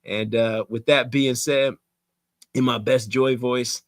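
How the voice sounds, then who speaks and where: A man's voice: medium pitch, steady tone, slow, dry recording, studio quality. A man coaching real estate investors on a livestream, talking emphatically and repeating points for effect.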